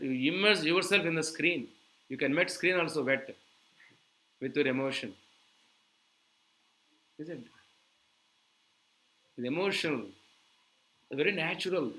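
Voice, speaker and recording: A man preaches a sermon in a slightly high voice that rings bright and forceful. Animated throughout, he keeps turning to his listeners with quick rhetorical questions, and the recording quality is low.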